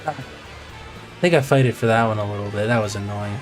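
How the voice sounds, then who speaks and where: A man's voice: lowish voice, moderate pace. Rambling exasperated man streaming a game. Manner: rambling, exasperated storytelling with mild swearing. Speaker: gaming live streamer. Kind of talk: casual chat while playing. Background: faint video game music.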